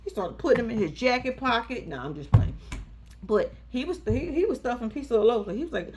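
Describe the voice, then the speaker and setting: A woman's voice: a little high, fairly quick, a little hiss or hum. A woman giving casual, profane, sassy commentary recapping a reality TV episode, acting out the people in it. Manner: sassy, profane, animated storytelling.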